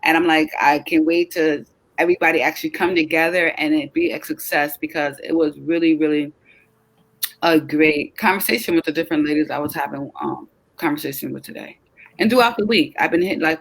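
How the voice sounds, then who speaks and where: Tired but upbeat woman co-host, casual chat full of fillers and bursts of excitement. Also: sits low, fast talker, poor audio. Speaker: co-host of a web talk show.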